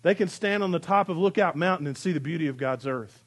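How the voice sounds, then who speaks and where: A male pastor preaching a sermon in a church, swinging between emphatic lines and soft, hushed repetitions. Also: a little high, quick pace. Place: church sanctuary.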